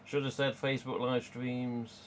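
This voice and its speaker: A man's voice: medium pitch, little pitch movement, moderate pace, a little hiss or hum. A man, casually chatting and rambling on a live stream from home. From England. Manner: rambling, chatty, reads out chat.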